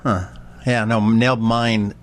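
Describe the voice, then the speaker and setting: Laid-back lower-voiced man. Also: level tone, slow. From Philadelphia. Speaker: co-host. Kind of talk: casual chat. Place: kitchen table at home.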